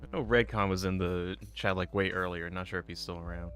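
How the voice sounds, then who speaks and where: Low-voiced man chatting on a stream. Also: fairly even intonation, a little fast, fairly bright tone, clear, resonant tone. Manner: rambling, filler-heavy, laid-back. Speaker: game streamer. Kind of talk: casual live-stream chat.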